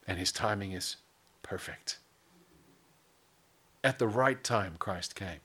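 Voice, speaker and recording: A man with a lowish voice preaching in a relaxed, conversational way. He moves between scripture and light humorous asides, and his pace slows at times for emphasis. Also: slightly rough. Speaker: pastor. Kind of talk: sermon.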